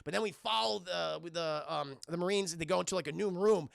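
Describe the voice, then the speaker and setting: A man recapping a film scene by scene to his stream chat, animated and profane, rambling with many fillers. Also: sits high, fast, gravelly, dry recording, studio quality. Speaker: streamer reviewing films.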